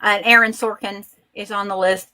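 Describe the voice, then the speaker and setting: A woman guest in a casual chat, a lively storyteller who acts out quoted voices. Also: mid-range voice, brisk.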